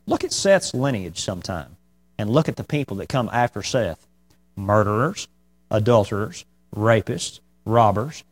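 A male preacher walks his listeners through scripture verse by verse in a mid-range voice. He talks conversationally, tossing in "okay?" and dry, sarcastic asides. When he presses a point, his voice climbs high and loud. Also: expressive, normal speed. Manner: conversational, repeats "okay?" to the congregation. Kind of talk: verse-by-verse Bible teaching.

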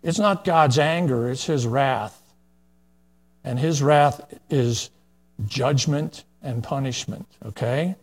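Older preacher with a breathy, husky voice. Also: male voice, mid-range voice, takes it slowly. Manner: plain-spoken, folksy, with frequent fillers and asides. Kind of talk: verse-by-verse sermon.

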